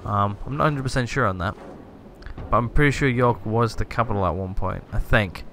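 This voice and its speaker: A man's voice: on the low side, fairly quick, pushed and bright, slight background noise. A man casually commenting on his gameplay, rambling with many fillers and hesitations. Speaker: gaming video host. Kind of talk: casual let's-play commentary.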